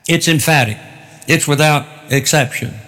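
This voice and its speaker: A man preaching an expository sermon, deliberate and emphatic, repeating phrases to drive points home. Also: fairly high pitch, a bit bright. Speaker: pastor.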